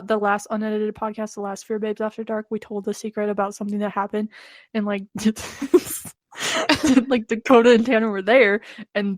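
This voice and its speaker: A woman's voice: medium pitch, no room sound, studio quality. A woman co-hosting a casual podcast chat, joking around, laughing a lot and swearing freely. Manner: laughs often, swears freely, loose and jokey. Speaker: podcast co-host.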